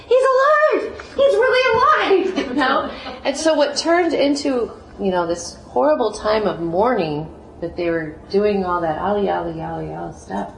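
Animated woman teaching scripture, roomy echo. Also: on the high side, a little hiss or hum. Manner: animated, laughs often, acts out quoted voices. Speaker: Bible study teacher. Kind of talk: scripture reading with commentary.

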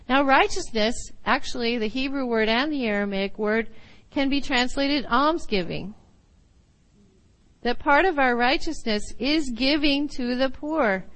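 A woman teaching a sermon, reading scripture aloud and then explaining it, with laughs and quick asides. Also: high voice, a bit bright, poor audio. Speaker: Bible teacher.

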